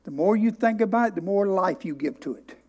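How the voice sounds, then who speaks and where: High-voiced preacher, emphatic. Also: male voice, animated, a little mellow. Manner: storytelling, emphatic, with dramatic slow stresses. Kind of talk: sermon.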